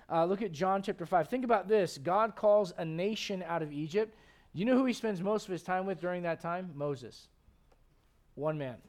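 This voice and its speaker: A man in his thirties delivers a Sunday sermon with a noticeably high voice. He is animated and conversational, often restarting his sentences as he talks. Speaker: pastor.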